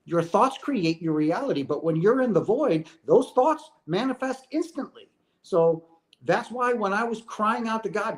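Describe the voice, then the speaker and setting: Earnest man with a high voice, preaching. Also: expressive, measured pace. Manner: earnest, emphatic, keeps asking "right?". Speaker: host answering viewer questions. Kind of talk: casual spiritual talk.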